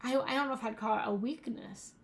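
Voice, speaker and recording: A woman's voice: fairly high pitch, fast talker. A young adult woman giving a motivational talk as a relationship coach, earnest and emphatic, repeating key phrases.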